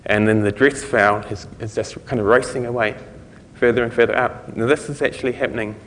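A man with a New Zealand accent talks through a technical topic at a conference, at a middling pitch, wandering through his points with plenty of ums, restarts and little laughs. His voice carries a long reverb from a large lecture hall. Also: steady tone, a little fast, fairly bright tone, a little hiss or hum. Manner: loose and rambling, many fillers and restarts, chuckling asides. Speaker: conference speaker.

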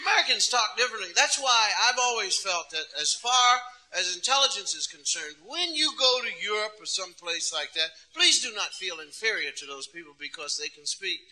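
Animated high-voiced male stand-up comedian. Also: brisk, few pauses, poor audio. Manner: animated, playful storytelling.

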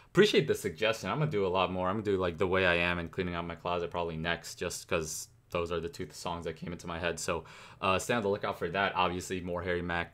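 A young man with a low voice hosts a rap reaction video. He rambles loosely, full of "um" and "like", and speeds up whenever he gets excited about the rhymes. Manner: rambling, enthusiastic, many fillers. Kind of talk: casual music reaction commentary.

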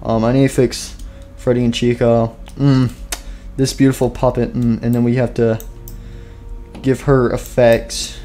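A gaming YouTuber talks slowly and pauses often, his medium-pitched, mellow voice showing little pitch movement, while faint music plays behind. His casual gameplay commentary at the computer rambles with lots of fillers and self-deprecating comments, and he sounds tired and out of breath.

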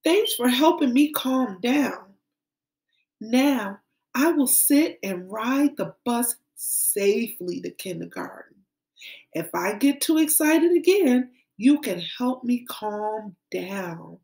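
A woman doing an excitable little kindergarten girl. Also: takes it slowly, echoey room. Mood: calm, grateful. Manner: squealing, eager, high and childlike.

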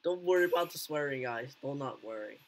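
A man hosting a reaction video in casual commentary, excitable and full of halting restarts and repeated exclamations. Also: medium pitch, noisy background.

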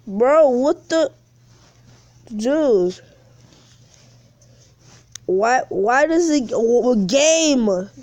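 A woman's voice: fairly high pitch, animated, extremely slow, pauses often, a little mellow, no room sound. A woman live-streaming a mobile game on her phone, chatting in slang and whining about lag. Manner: slangy, calls viewers bro and man; whiny complaints about lag. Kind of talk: casual game streaming chat.

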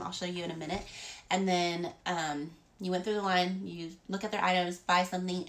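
A woman's voice: fairly low pitch, slight background noise. A woman vlogger chatting casually about free beauty products, rambling with frequent fillers. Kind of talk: casual haul chat.

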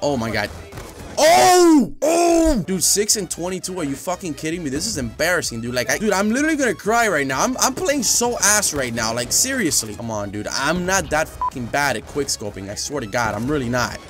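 A young man giving loud, profane, raging commentary while playing a shooter game. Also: on the high side, very animated, fairly quick, few pauses, faint music behind. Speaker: gaming YouTuber. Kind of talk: live gameplay commentary.

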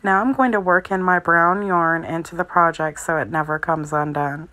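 A woman giving a calm, methodical crochet tutorial, narrating each step as she works. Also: on the low side, moderate pace, poor audio. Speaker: crochet instructor.

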